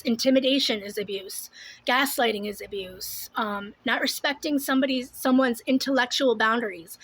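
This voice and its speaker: High-voiced woman ranting, heavy swearing. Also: a little hiss or hum, rough recording. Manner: heated, profane, rambling. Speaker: vlogger doing makeup. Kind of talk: rambling casual monologue.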